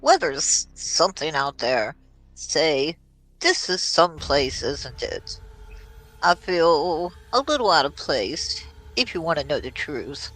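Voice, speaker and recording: A woman voicing a rumpled, apologetic male police detective with a slow, drawling delivery. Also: low voice, very animated, fairly bright tone, full character voice, rough recording. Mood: sheepish.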